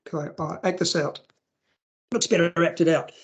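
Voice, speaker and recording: A man leads a webinar for foster carers over a video call. His voice sits high for a man, and he talks conversationally with plenty of ums and uhs, often acting out little scenes. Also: steady tone, normal speed. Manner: conversational, acts out scenarios, frequent fillers. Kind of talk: webinar presentation.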